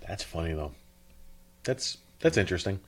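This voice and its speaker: A man with a deep, low voice co-hosting a relaxed podcast. He repeats words as he gets going, says what he thinks bluntly and keeps a good-humored tone. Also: normal speed. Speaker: podcast co-host. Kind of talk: casual podcast chat.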